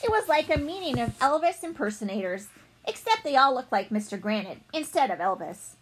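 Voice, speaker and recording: A woman reading a children's chapter book aloud, expressive and playful. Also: high voice, fairly quick, slight background noise. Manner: expressive, playful character voices. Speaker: reader.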